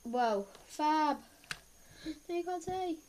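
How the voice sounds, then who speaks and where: Excitable woman with a sniffly cold. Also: sits high, slow. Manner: chatty, excitable, gasps and exclaims. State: has a head cold, sniffling. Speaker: slime reviewer. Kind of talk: casual unboxing chat. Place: at home, filming on the floor. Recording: loud background noise and clicks.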